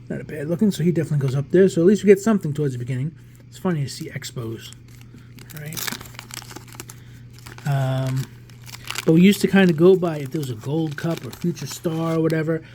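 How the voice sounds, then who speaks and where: A man's voice: on the high side, a little hiss or hum. A man in his forties from the New York area, chatting casually and rambling as he opens a pack of cards. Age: 40s. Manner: relaxed, rambling, thinking aloud with restarts. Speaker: card collector vlogger. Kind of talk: casual pack-opening commentary.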